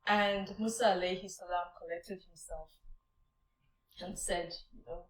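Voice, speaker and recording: A woman's voice: on the low side, measured pace. A woman tells a religious story to a listener, voicing the characters' shocked outbursts as she goes. She is set back from the microphone, and the room gives her voice a roomy echo. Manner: animated retelling, acting out exclamations. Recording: roomy and distant from the mic.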